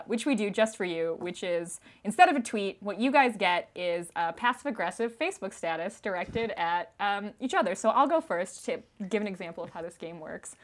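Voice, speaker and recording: A woman's voice: mid-range voice, fairly bright tone. Giggly woman hosting a podcast. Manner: giggly, laughs often between lines. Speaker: podcast host. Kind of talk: casual podcast chat.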